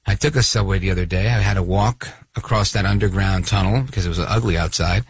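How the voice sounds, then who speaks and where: Gravelly, husky-voiced man in talk-radio commentary. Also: low voice, quick pace, no room sound. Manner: sarcastic, animated, acts out voices of others. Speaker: radio talk show host.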